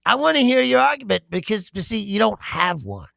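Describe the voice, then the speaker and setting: A man's voice: high voice, fairly quick, gravelly. A man hosting a live stream. He reads viewer comments aloud, talks with lots of energy, laughs often and swears. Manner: animated, laughs often, shouts, profane. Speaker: host.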